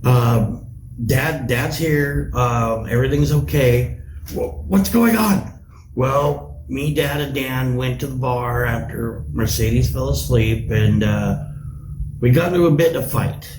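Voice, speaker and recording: A man's voice: medium pitch, takes it slowly. A man in his forties telling a rambling, profane story in casual chat, laughing along as he goes. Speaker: podcast co-host. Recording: roomy with faint noise.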